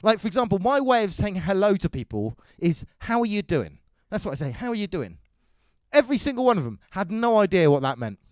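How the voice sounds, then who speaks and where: An English man doing stand-up, talking fast and all over the place, swearing and mocking himself. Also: high voice, sing-song, no echo. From England. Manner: rapid, scattered, self-mocking, swears a lot. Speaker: stand-up comedian. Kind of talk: stand-up set. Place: comedy club stage.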